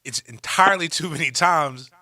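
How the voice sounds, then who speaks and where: Bright animated man telling a story. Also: on the high side, moderate pace, no echo. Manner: animated storyteller, acts out dialogue. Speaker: radio co-host. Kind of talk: talk radio discussion.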